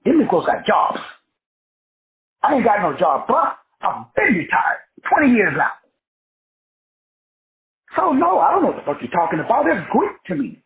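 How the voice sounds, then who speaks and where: A man's voice: sits high, huge pitch swings, normal speed, long pauses. A middle-aged man giving a casual motivational talk as a life coach, slangy and profane, acting out the voices of people he describes. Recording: tinny phone-like sound.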